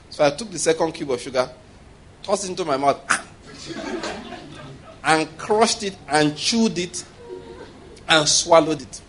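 A man's voice: medium pitch, moderate pace, long pauses, slight background noise. A man preaching a humorous sermon, laughing often and quizzing his congregation. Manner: jokey, laughs often, asks the crowd questions. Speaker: preacher who is also a doctor. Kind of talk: humorous sermon with call-and-response.

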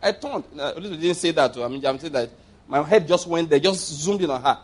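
A man's voice: fairly high pitch, lively intonation, brisk, husky. A Nigerian man preaching a sermon in church, telling stories, repeating phrases for emphasis and leading the congregation in declarations. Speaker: pastor.

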